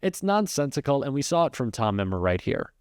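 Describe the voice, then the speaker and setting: A man's voice: mid-range voice, very animated, smooth. A male political commentator reacts in an unscripted, conversational way. He restarts his sentences often and leans on fillers. The sound is dry and close, with no room echo. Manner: fast, loose, with frequent restarts and fillers.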